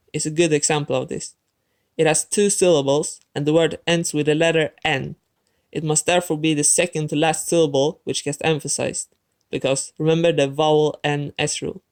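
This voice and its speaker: A man teaching a language lesson in a clear, methodical scripted narration, talking straight to the viewer. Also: fairly high pitch.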